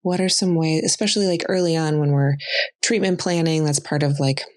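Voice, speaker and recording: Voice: mid-range voice, fairly even intonation, a little fast, darkish tone. A podcast host asking thoughtful questions in a casual, conversational way.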